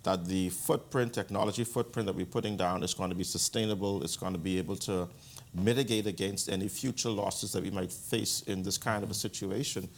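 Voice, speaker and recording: A man, speaking as a guest commentator in an interview, measured and deliberate with frequent restarts. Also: deep voice, fairly even intonation, creaky, a little hiss or hum. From Bahamas. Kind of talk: interview answer.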